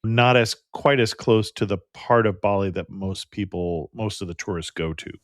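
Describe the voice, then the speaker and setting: A man hosting a travel interview podcast, upbeat and quick to say "excellent" as he moves through his questions. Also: on the low side, no room sound, studio quality. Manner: upbeat, says "excellent" often. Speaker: podcast host. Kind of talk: casual interview.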